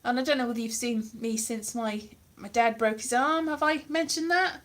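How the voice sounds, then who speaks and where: On a live stream filmed with a phone held at arm's length, a woman with a higher-pitched voice talks at a moderate pace. The vlogger rambles casually, wry and self-deprecating.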